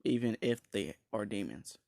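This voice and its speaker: A man's voice: fairly low pitch, expressive, moderate pace, creaky, a little mellow, no room sound, clean studio sound. A man voicing a matter-of-fact young nun. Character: calm young woman, a nun who senses demons.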